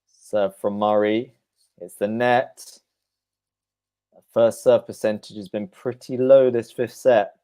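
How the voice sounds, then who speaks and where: A man's voice: on the low side, steady tone, takes it slowly, long pauses, warm tone, smooth. A man giving live play-by-play of a tennis match on a stream, calling each shot in turn and answering chat comments between points.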